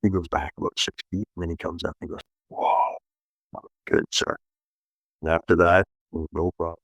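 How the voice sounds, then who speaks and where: A middle-aged man guests on a podcast as a martial arts instructor. He has a low, deep voice and tells animated, blunt, joking stories. The sound is dry and close. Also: fairly quick, husky, dry recording. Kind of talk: casual interview chat.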